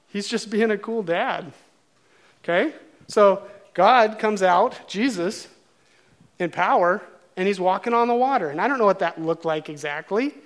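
A man preaches a sermon in a casual storytelling way, with a voice pitched a little high. He keeps acting out the characters' lines as he goes. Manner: animated storytelling, acting out quotes.

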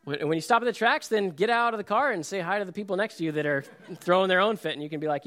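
A man's voice: sits high, quick pace. A middle-aged man preaching a sermon, telling stories and acting out quotes with laughter. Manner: storytelling, animated, acts out quotes with laughs. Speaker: pastor.

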